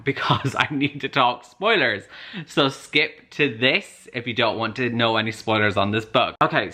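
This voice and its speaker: A man's voice: medium pitch, bright, forceful tone. A man talking casually to camera in a reading vlog, chatty and gushing, full of fillers. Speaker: book vlogger.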